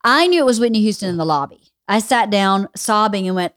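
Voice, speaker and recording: A woman on a podcast, telling a shared story frankly and quickly setting the record straight. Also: medium pitch, expressive, a bit bright, dry recording, studio quality. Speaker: podcast guest. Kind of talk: casual storytelling chat.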